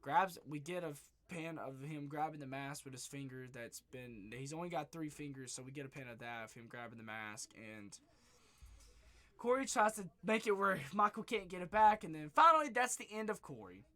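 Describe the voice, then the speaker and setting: Male reviewer, slightly high voice, excitable, profane, hoarse. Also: moderate pace. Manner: excited, profane, rambling retelling. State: losing his voice. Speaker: movie reviewer. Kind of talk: casual spoiler review monologue. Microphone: webcam.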